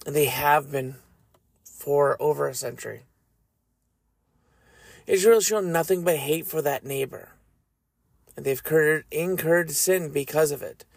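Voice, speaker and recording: A man hosting a faith podcast, reading scripture and speaking in an earnest, measured, reflective way. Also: fairly high pitch, creaky, no room sound. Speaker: podcast host.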